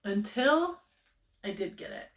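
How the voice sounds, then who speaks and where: A woman's voice: medium pitch, very animated, slow. Bubbly woman host in an echoey room. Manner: bubbly, laughing, storytelling with rambling asides. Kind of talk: casual livestream chat.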